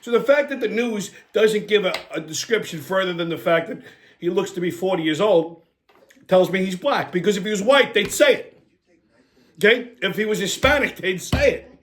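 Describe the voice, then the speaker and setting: A man's voice: sits high, moderate pace, a bit bright. A man hosting, delivering a blunt, profane comedic rant. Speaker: host.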